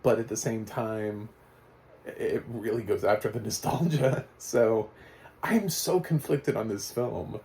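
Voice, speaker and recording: Male film reviewer, talkative and loose, lowish mellow voice. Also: slow pace, a little hiss or hum. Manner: rambling, chatty, laughs often. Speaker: movie reviewer. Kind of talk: casual spoken film review.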